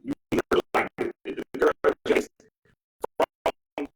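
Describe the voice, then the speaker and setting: A man ranting bluntly and profanely in casual chat. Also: slow pace. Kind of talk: casual rant. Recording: echoey room with faint noise.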